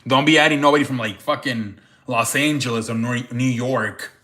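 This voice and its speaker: A man's voice: medium pitch, normal speed, sharp tone. A man hosting a casual livestream, chatting loosely with cursing and laughter and greeting viewers by name. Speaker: livestream host.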